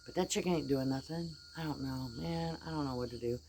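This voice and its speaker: A woman's voice: low voice, brisk, mellow. A middle-aged woman with an American accent talks straight to the camera in a loose, rambling vent. She sounds exasperated and blunt and drops casual swear words. A faint background noise sits under her voice. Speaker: vlogger. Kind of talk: casual venting monologue.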